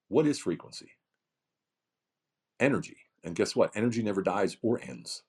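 A man's voice: medium pitch, breathy edge. A middle-aged man giving emphatic motivational podcast talk, full of repetition and rhetorical questions. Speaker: founder of a coaching program, podcast guest.

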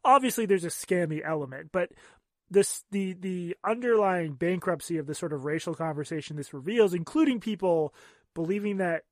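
A man co-hosting a podcast, talking in a sardonic, animated way during a casual chat. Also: high-pitched, no echo, studio quality. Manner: animated, sardonic, quick to laugh. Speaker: podcast co-host.

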